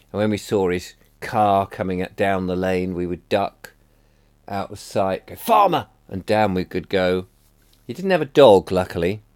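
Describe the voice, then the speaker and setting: A middle-aged man from England speaks in a loose, reflective way, as if thinking aloud for a video. His voice sits low, and he rambles wistfully, often losing the thread of a sentence partway through. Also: a little mellow. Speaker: vlogger. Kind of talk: reflective casual monologue.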